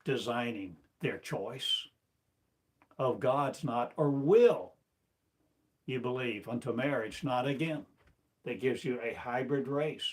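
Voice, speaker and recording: This is a sermon from a man in the United States acting as a spiritual teacher, his voice pitched in the middle range. He declaims slowly and asks rhetorical question after rhetorical question.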